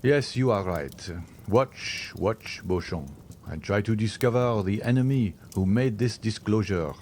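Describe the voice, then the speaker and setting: A man's voice: on the low side, expressive, unhurried, darkish tone, slight background noise. A man reading as an eager young viscount. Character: young viscount, eager and devoted to his mother.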